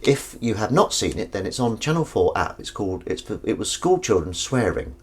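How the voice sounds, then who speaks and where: A man's voice: fairly low pitch, sing-song, a little fast, a little hiss or hum. A man livestreaming from his kitchen while washing up, chatting casually with viewers and reading their comments in a rambling, self-mocking way.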